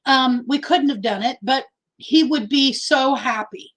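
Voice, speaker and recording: A woman's voice: high voice, normal speed, fairly bright tone, poor audio. A middle-aged woman hosting a casual livestream. She speaks in a heartfelt, rambling way and often repeats herself. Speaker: livestream host. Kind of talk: casual livestream chat with viewers.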